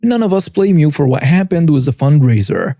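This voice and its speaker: A man's voice: a little high, very animated, fairly quick, warm tone, no room sound, studio quality. A man voicing friendly teenage girl scouts who speak in a sweet, reassuring way.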